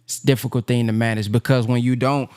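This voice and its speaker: A man who is a minister and business teacher gives a casual, heartfelt talk in a plain-spoken, animated way. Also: medium pitch, quick pace, clean tone. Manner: animated, plain-spoken, acts out quoted voices.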